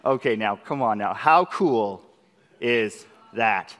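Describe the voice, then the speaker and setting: A man presenting a live software demo class at a conference, excitable and eager, constantly tossing rhetorical questions at the audience. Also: lowish voice, slow pace, slight background noise. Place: large conference session room. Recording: long reverb of a conference hall.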